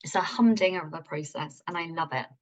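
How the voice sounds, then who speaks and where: A woman's voice: sits low, fast talker. Enthusiastic woman teaching a workshop. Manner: enthusiastic, informal, playful phrasing. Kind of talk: live online masterclass teaching.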